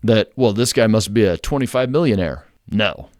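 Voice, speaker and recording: A man's voice: on the low side, animated, normal speed, darkish tone, no echo, clean studio sound. A man, hosting a real estate investing channel, explaining in a blunt, conversational and emphatic way. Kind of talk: casual explainer to camera.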